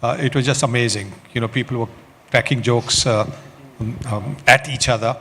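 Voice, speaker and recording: A man's voice: medium pitch, moderate pace. An older man with an Indian English accent, a former cricketer reminiscing fondly and easily on stage. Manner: relaxed, fond, with fillers. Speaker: former cricketer, panel guest. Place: large indoor awards hall. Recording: reverberant hall with faint ambience.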